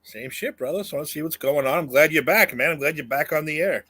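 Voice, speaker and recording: A man's voice: fairly high pitch, brisk, pushed and bright, breathy edge, no room sound. A middle-aged man from New York, co-hosting a live talk show and giving blunt, opinionated rants. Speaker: co-host. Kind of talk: casual live show chat.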